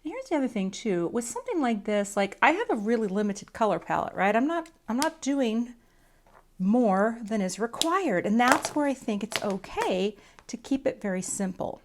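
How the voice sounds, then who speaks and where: A woman's voice: fairly high pitch, big pitch swings, normal speed, a little hiss or hum. A woman teaching card coloring in a casual, chatty talk-through, self-deprecating and muttering to herself as she works. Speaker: craft teacher.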